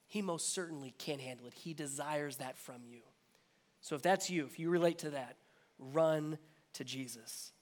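A high-pitched man preaches from the pulpit as pastor. He speaks earnestly, repeats key phrases and builds his emphasis line by line. The sermon is delivered in a church. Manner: earnest, repetitive, rising emphasis.

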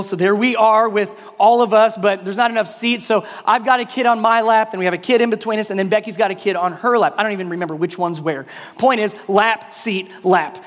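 A man with a strikingly high voice tells a sermon story from the pulpit, his words trailing into a long, echoing reverb. He shifts into loud, squealing voices to act out his children. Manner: animated, acts out kids' voices in high shouts. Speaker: pastor.

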